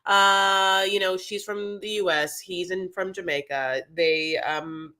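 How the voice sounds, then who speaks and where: A podcast co-host in casual chat, opinionated and animated, rambling through strong views. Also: medium pitch, slow pace. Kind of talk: casual chat about reality TV.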